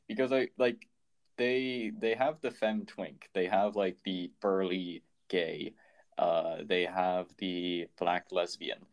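A man hosting a casual podcast chat, talking loosely with frequent ums and laughs. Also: sits low. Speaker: podcast host.

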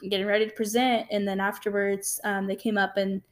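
A young woman co-hosting a podcast, telling a personal story in a casual, animated way. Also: mid-range voice, brisk. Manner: animated, lively retelling with acted-out quotes. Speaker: podcast co-host.

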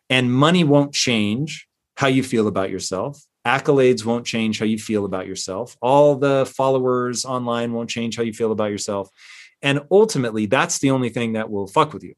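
Middle-aged male podcast guest, mid-range voice, emphatic storyteller who swears casually. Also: medium pitch. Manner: emphatic, animated, acts out quotes with swearing. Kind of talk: personal storytelling in conversation.

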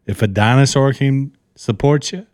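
A man's voice: mid-range voice, moderate pace, darkish tone, no room sound, studio quality. A man co-hosting a casual podcast, slurring a little as he rants in a profane, fired-up pep talk. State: slightly slurring, tipsy. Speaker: podcast co-host.

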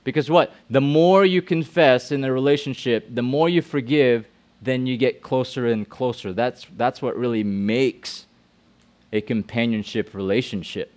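A middle-aged man preaching to young people in a loose, conversational way. He keeps asking the room questions, repeats his words and restarts his sentences as he goes. His voice sits at an ordinary middle pitch. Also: normal speed, darkish tone. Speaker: pastor. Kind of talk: youth sermon with audience questions.

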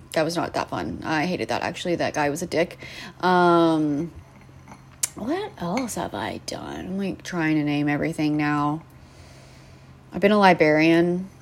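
A young woman talks into her own podcast mic in a loose, rambling monologue about bad customers. She swears constantly, trails off into fillers, and turns sarcastic when she gets worked up. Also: low-pitched. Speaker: podcast host. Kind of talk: casual venting monologue.

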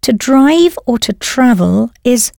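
Patiently prompting the learner and then confirming each answer, a female language teacher narrates a scripted audio lesson. She speaks slowly with lively intonation in a voice on the high side, gravelly yet mellow, in a dry, clean studio recording.

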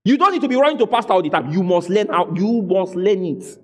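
A man preaching a sermon as a pastor, acting out dialogue in an animated way. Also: high voice, fast talker.

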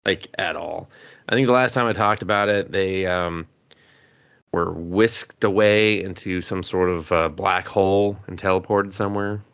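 A man's voice: low voice, fairly even intonation, a little slow, gravelly, fairly bright tone, clear, resonant tone, no echo, lo-fi sound. A man casually recapping an anime on a podcast, laughing often and swearing freely. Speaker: podcast co-host.

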